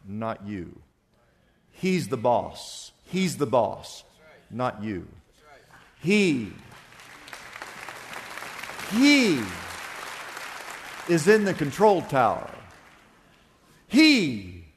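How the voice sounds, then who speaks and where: A man's voice: on the high side, in a large hall. A man preaching a sermon, telling a story and acting out the people in it. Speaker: pastor.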